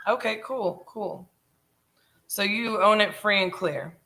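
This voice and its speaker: A woman's voice: medium pitch, slow pace, creaky, sharp tone. A woman with a Southern US accent leading a live sales call as host, friendly and affirming, mirroring the caller. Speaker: real estate investor, host.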